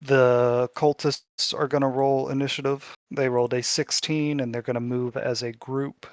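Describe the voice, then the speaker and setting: A man's voice: mid-range voice, level tone, normal speed, no echo. Swearing casual game master, man. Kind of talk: narrating a tabletop game.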